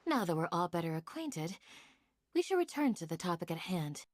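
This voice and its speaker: A woman voicing a calm, dutiful female village guardian in a video game, who speaks in a formal, composed and polite way. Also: lowish voice, normal speed, noisy background.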